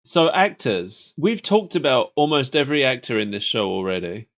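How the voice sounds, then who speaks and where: A very animated man with a mid-range, somewhat bright voice co-hosts a podcast at normal speed. He chats casually about an old cartoon, laughing often.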